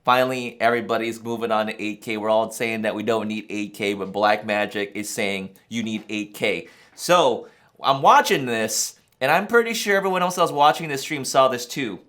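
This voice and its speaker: A man hosting a camera channel, reacting to a new release in a rambling, excitable way and laughing in disbelief. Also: on the low side, normal speed. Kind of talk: excited casual reaction vlog.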